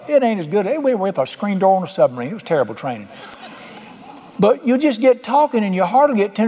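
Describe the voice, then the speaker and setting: Folksy preacher in a reverberant hall. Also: male voice, sits high, darkish tone. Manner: folksy, joking storyteller with rural turns of phrase. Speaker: pastor. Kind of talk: sermon. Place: church hall with congregation.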